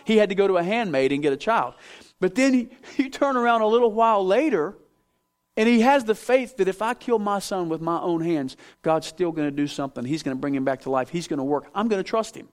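Male preacher, high-pitched, animated, talks straight to the congregation. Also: a little fast. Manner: animated, acts out biblical figures, asks audience to respond. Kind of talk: sermon. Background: audience in room.

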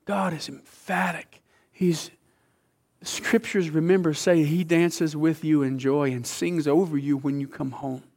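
A man preaching a sermon with emphasis, dropping from loud phrases to hushed whispers and asking the listeners questions like a teacher. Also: fairly high pitch, steady tone, unhurried.

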